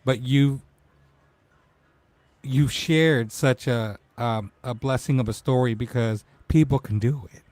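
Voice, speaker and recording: A man's voice: mid-range voice, takes it slowly, a little mellow, dry recording. A man in his forties hosting a casual live-stream talk show, emotional and tearful as he speaks to his guest. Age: 40s.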